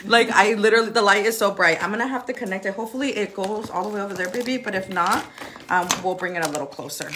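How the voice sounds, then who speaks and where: A woman's voice: medium pitch, fast talker, bright, forceful tone. Giggly woman showing off her makeup stuff, chatty, says um a lot, tiny bit of hiss behind her. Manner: bubbly, laughs often, swears playfully, many ums. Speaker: makeup influencer selling a product. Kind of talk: casual live product chat.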